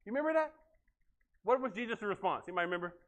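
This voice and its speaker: A male pastor preaching a sermon earnestly, swinging from loud to hushed. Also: sits high, expressive, rapid-fire.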